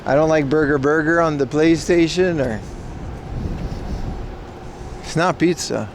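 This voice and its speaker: A man's voice: fairly high pitch, a little slow, slight background noise. Sleepy, joking man on a street stream. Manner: joking, playfully sarcastic. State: sleep deprived. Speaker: livestream host. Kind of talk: casual IRL stream chat, reading chat. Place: outdoors on a city street, walking.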